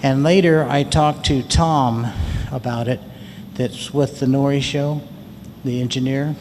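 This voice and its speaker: A man's voice: mid-range voice, steady tone, a little slow. A man speaking at a conference, telling a personal story in a folksy, chatty way into a handheld mic. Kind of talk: storytelling talk. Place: large conference hall. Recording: reverberant hall, faint noise.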